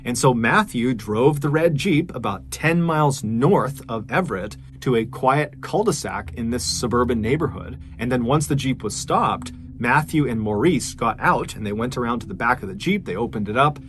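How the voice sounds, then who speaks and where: A man's voice: mid-range voice, expressive, normal speed, hardly any pauses, a bit bright, a little hiss or hum. A man hosting a podcast, telling a true crime story in a conversational, earnest way. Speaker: podcast host.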